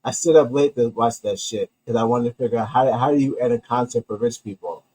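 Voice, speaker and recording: Husky-voiced man on a profane rant. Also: medium pitch, fairly even intonation, a little fast, warm tone, rough recording. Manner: swearing, heated, rambling with restarts. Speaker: host of a comedy commentary show.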